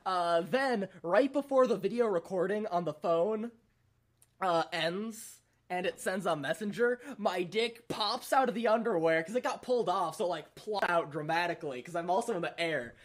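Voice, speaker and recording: A man's voice: sits high, moderate pace. A young man casually telling a rambling, profane party story on a podcast, laughing often. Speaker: podcast host.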